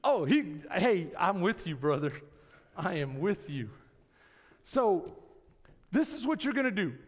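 A little slow in pace, a middle-aged man with a high voice preaches his sermon as pastor. In the church sanctuary, with the congregation present, he spins animated stories and calls out to them, and the audio rings with a large hall's long reverb.

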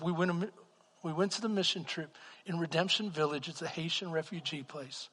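A middle-aged man preaching a sermon as pastor, telling stories animatedly and swinging between hushed and loud delivery. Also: a little high, brisk, slightly rough. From Texas. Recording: echoey hall reverb.

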